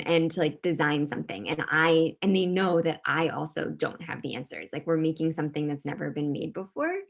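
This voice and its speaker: A woman teacher talking casually in a discussion, with a loose, filler-laden manner. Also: low-pitched. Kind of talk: casual discussion on a video call.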